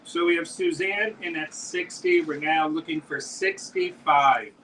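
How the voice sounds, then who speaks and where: A man's voice: on the high side, measured pace, fairly bright tone, far from the mic, a little hiss or hum, rough recording. A man hosting a live-stream jewelry auction, chatting as he describes pieces and calls out bids. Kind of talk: live auction selling chat.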